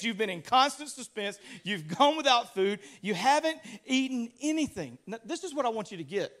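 Southern us pastor guy, really high voice, animated and funny storytelling sermon. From Louisiana, US.

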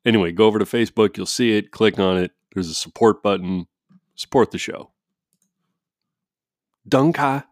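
A man's voice: lowish voice, moderate pace, long pauses, no echo, studio quality. Sarcastic, blunt man hosting a podcast. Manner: sarcastic and blunt, swears freely, restarts often. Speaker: podcast host. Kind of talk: casual rant to listeners.

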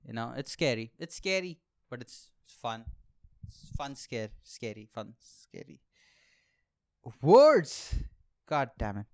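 A man's voice: mid-range voice, clear, resonant tone. A young man hosting a solo comedy podcast, ranting loosely and swearing freely. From India. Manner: animated, swearing, jumps into mock voices. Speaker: podcast host, stand-up comedian.

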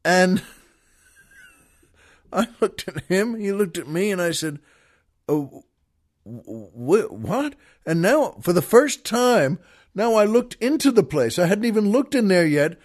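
A man's voice: high-pitched, lively intonation, unhurried. An older man hosting a podcast, telling a rambling, self-amused anecdote in a casual storytelling monologue and laughing along as he goes. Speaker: podcast host.

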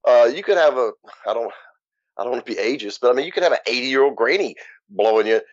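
Man, blunt, frank storyteller, very lively intonation, muffled dry lo-fi audio. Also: mid-range voice, fast talker, no echo. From Louisiana. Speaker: guest, author. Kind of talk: candid interview. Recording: dull lo-fi dry recording.

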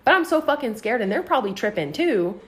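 A woman's voice: a little high, quick pace. A woman telling a personal story on a casual podcast, swearing freely and filling her talk with "like". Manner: profane, animated, heavy use of "like".

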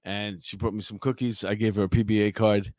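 A former police officer co-hosts a casual chat, spinning animated stories and laughing his way through them. His voice is fairly low and brisk, with no room sound.

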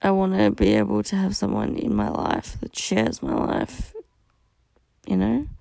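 A woman's voice: medium pitch, big pitch swings, unhurried, gravelly, warm tone, no room sound. A young woman hosting a solo podcast, talking candidly and rawly about her feelings, venting and swearing often. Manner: raw, venting, frequent swearing. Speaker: podcast host.

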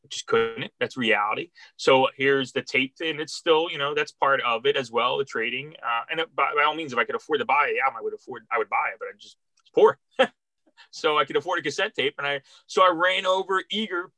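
A man's voice: mid-range voice, brisk, pushed and bright, dry recording. A middle-aged man from Philadelphia, a record store worker, tells stories in a rambling, heartfelt way with many restarts. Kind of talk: casual interview storytelling.

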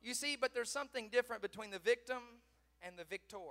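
A man preaching a sermon, swinging from hushed lines to shouted climaxes in dramatic preaching style. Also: very high voice, quick pace, big-room sound.

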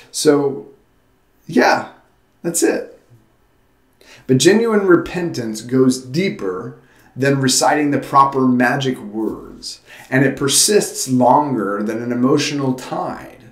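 A man's voice: mid-range voice, expressive, slow pace. Guy pastor preaching, talks plain and earnest, stumbles and restarts a lot, roomy echo around him. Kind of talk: sermon.

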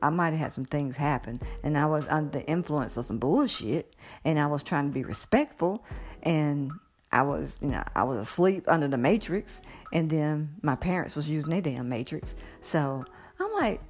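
A woman's voice: low-pitched, moderate pace, soft background music. A middle-aged woman in a casual monologue, giddy and blunt, cursing freely and laughing often. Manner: giddy, animated, swearing freely, frequent laughter. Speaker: vlogger.

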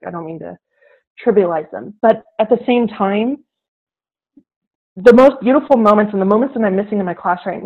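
A woman who is a teacher, answering interview questions in an animated way and acting out exchanges with her students. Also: medium pitch. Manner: animated, acts out classroom dialogue. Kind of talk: interview guest. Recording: tinny phone-like line.

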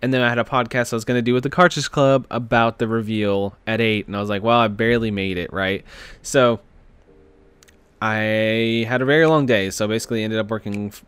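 A man's voice: lowish voice, steady tone, fast talker, fairly bright tone, clear, resonant tone, no room sound. A man hosting a podcast, telling a personal story in a casual, chatty way with many fillers and restarts. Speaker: podcast host.

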